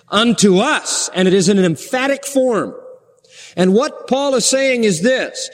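Animated preacher with soaring pitch. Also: male voice, in a large hall. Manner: emphatic, rhetorical questions, shifting pace. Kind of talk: sermon.

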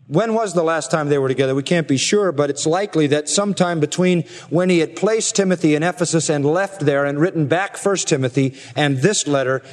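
A man preaching an expository sermon earnestly, slowing down and rising in pitch to stress his points. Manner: earnest preaching, slows and rises for emphasis. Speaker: pastor. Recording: long reverb of a large hall.

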